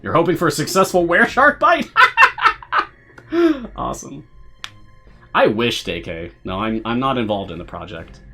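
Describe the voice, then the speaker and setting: A man's voice: mid-range voice, a little fast, few pauses, soft background music. A man hosting a live game stream, chatting casually and answering viewer questions with frequent laughs. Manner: relaxed, chatty, laughs often.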